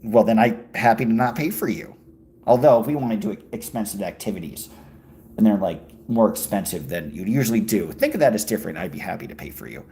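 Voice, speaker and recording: A man's voice: lowish voice, animated, brisk, gravelly, dark tone, a little hiss or hum. A man livestreaming while out walking, answering his chat in a joking, crude, rambling way. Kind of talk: casual chat. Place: walking outdoors in a city.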